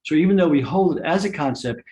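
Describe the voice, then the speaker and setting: Man telling spiritual stories, gentle restarts. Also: on the high side, lively intonation, fast. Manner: anecdotal, frequent restarts and soft laughs. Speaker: spiritual teacher. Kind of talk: satsang talk with personal stories.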